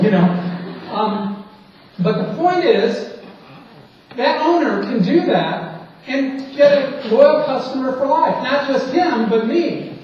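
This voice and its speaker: In a very high, darkish voice with lively intonation, a slow-speaking marketing lecturer from St. Louis, United States, tells a rambling classroom anecdote in a conversational way, often restarting words. A distant room mic in a large lecture hall captures him, and the audio is dull with a little hiss or hum.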